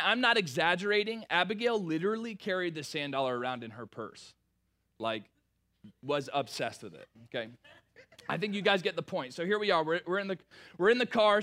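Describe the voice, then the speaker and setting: A young man preaching, telling a funny story from his early marriage in a lively, playful way before turning earnest. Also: sits high. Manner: animated, playful storytelling with big swings in energy. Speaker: pastor. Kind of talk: sermon with a personal story.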